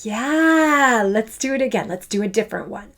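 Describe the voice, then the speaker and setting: A woman's voice: fairly high pitch, expressive, moderate pace, noisy background. A woman teaching a children's music lesson. She sounds enthusiastic and encouraging, chants fruit names in rhythm, and draws out the syllables. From Canada. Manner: enthusiastic, encouraging, speaks straight to the learner.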